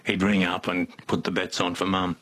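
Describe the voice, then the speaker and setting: A man's voice: deep voice, little pitch movement, normal speed, a bit bright, a little hiss or hum. An older man with an Australian accent, telling rambling, folksy stories as an interview guest. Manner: rambling, folksy, with many restarts. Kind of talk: casual storytelling.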